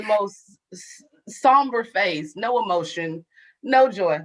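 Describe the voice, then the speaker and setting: A woman guest chats easily on a talk show in a mid-pitched voice. She laughs often while telling stories and drops into a flat, deadpan voice for quoted lines. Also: normal speed, poor audio. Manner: laughing, chatty storyteller, acts out quoted lines flatly. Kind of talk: casual chat.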